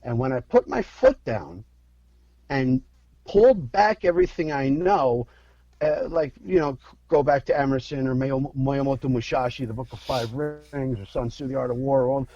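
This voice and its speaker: A man's voice: medium pitch, normal speed, dark tone, dull audio. A man from Philadelphia, an actor guesting on a podcast, talking frankly with profanity and telling stories. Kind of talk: candid interview talk.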